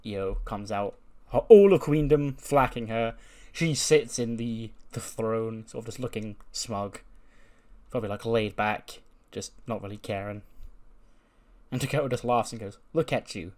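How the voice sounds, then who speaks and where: A man's voice: lowish voice, measured pace, mellow. A man hosting a wrestling sim playthrough, narrating casually with many fillers as he imagines the scene.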